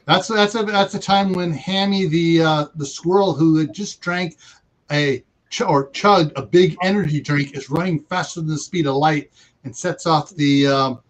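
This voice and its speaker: Halting man in casual chat. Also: on the high side. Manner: halting, searching for words with many fillers. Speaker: co-host of a livestream chat.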